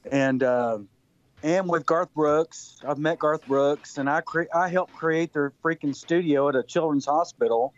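Male guest, West Texas, country singer, rambling storyteller, slightly high voice, dry and dull lo-fi sound. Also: unhurried, no room sound. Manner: rambling, laughing, repeats words. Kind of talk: casual storytelling.

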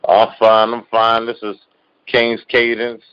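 A man reciting spoken word poetry slowly and deliberately as a guest poet on an online call. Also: mid-range voice, monotone, clean tone. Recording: muffled lo-fi call audio.

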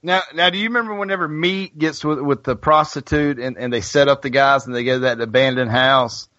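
A man's voice: mid-range voice, a little fast, sharp tone, no room sound. A man co-hosting a podcast in casual chat, rambling, restarting sentences, full of "you know". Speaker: podcast co-host. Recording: dull lo-fi podcast audio.

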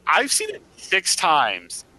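A man in podcast chat with a very sharp, tense tone and a lively pitch. He speaks earnestly and deliberately, repeating words for emphasis. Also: low-quality recording. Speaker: podcast co-host. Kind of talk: casual chat.

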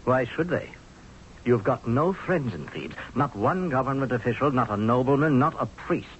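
An actor playing an exasperated, sardonic army general in a radio drama, speaking forcefully. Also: male voice, medium pitch, lively intonation, normal speed, a little hiss or hum, lightly acted. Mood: urgent. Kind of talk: 1970s radio drama acting. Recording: dull lo-fi old radio broadcast.

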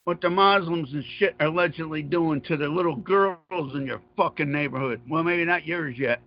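A man's voice: fairly high pitch, moderate pace, a little hiss or hum. A man ranting angrily and profanely about politics as a podcast co-host, repeating himself as he goes. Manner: angry, profane, repetitive. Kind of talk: heated political rant. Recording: dull, dry lo-fi sound.

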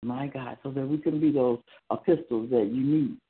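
A man's voice: medium pitch, moderate pace. A man preaching and praying at an early morning prayer service, with fervent, repetitive exhortations that swell into cries. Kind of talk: sermon and prayer. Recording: tinny phone-line sound.

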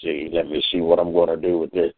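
A man's voice: low voice, little pitch movement, fast talker, no room sound, pitched below the performer's own voice. Man doing a sleepy, mumbling pet dog. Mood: drowsy. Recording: tinny phone line.

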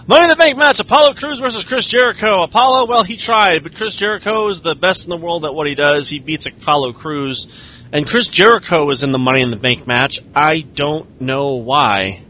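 A man's voice: a little high, animated, fairly quick, bright, forceful tone. A man casually recapping wrestling shows in a sardonic, profane way. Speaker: podcast host.

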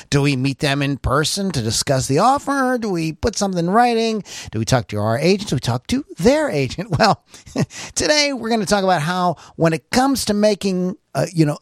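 A man's voice: on the high side, no echo, clean studio sound. A man hosting a podcast in a jokey, casual way, often stumbling and restarting his questions. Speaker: podcast host.

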